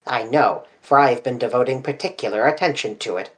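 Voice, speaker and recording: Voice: medium pitch, fairly quick, lightly acted, rough recording. A reader voicing a businesslike male police inspector in an audiobook, speaking in a matter-of-fact, thoughtful way. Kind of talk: audiobook character reading.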